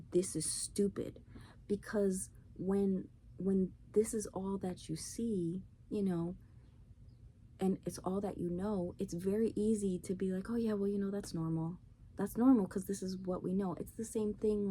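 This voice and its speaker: On her own podcast, a woman with a mellow, medium-pitched voice goes on a casual opinion rant, speaking bluntly and swearing freely. The recording carries faint background noise.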